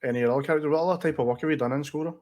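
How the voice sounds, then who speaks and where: A man's voice: a little high, darkish tone. A man co-hosting a casual chat, putting short questions to the guest. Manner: short quick agreements and questions.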